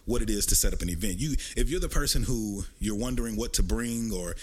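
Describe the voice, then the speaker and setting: A man's voice: on the low side, fast talker, husky. Brash, profane man hosting a podcast. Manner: loud, profane, laughing banter. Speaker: podcast host. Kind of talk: casual chat.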